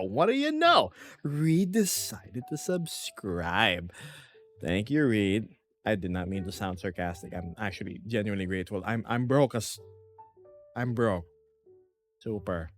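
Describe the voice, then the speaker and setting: A young man streaming from his small apartment, chatting casually with viewers and reading their comments aloud in a lively, self-deprecating way. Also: medium pitch. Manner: animated, self-deprecating, reads chat aloud. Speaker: VTuber streamer. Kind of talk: casual livestream chat.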